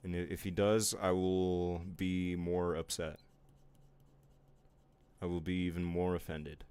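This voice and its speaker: A man's voice: low-pitched, flat delivery, slow pace, a little mellow, clear, resonant tone. A man streaming his drawing live, chatting casually with viewers in playful, mock-offended banter. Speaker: art streamer.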